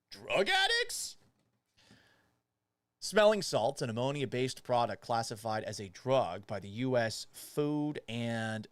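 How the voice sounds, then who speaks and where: A man hosting a sports commentary rant, his pitch jumping widely as he mocks and curses. He swings between loud outbursts and low, quick asides. The sound is dry and close to the mic. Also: dry recording. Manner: animated, mocking, profane, swings from loud outbursts to quiet asides. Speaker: sports show host.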